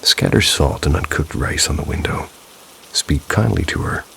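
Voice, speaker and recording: A man voicing a hushed old village healer woman. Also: very deep voice, normal speed, vocal fry, slight background noise, heavily acted. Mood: hushed warning. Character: old female village healer, calm and cryptic.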